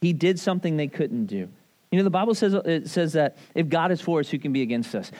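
A man preaching a casual sermon, talking to a congregation in a loose, animated way full of asides and questions. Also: a little high, quick pace. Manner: conversational, animated, lots of "like" and "right?". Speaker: pastor. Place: church service.

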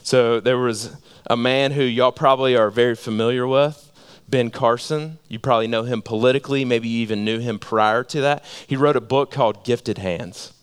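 A male pastor preaching a sermon in a conversational way, repeating phrases for emphasis and dropping to a hush. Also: mid-range voice, steady tone, normal speed, clean tone. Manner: conversational, repeats phrases for emphasis, swings between loud and hushed.

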